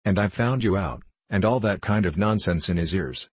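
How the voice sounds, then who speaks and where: A jovial older locksmith with a deep, husky voice, read by a man. He teases and spins a story in good humour. The voice sounds dry and close. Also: normal speed, no room sound. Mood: amused. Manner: hearty, teasing storyteller.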